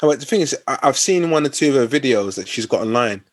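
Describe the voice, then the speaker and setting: Husky young man, halting speech. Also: medium pitch, lively intonation, no echo. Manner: halting, repeats words while forming thoughts. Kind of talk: casual chat.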